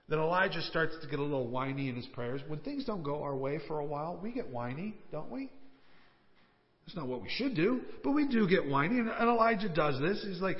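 High-voiced man preaching in a hall. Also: animated, brisk. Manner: conversational, emphatic preaching. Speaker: pastor. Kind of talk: sermon. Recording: reverberant hall, dull lo-fi sound.

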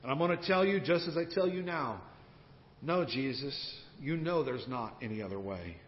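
A man's voice: mid-range voice, expressive, moderate pace, close to an everyday voice. A male pastor voicing God the Father as a solemn, tender father speaking to his son. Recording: dull sound with long church hall reverb and faint noise.

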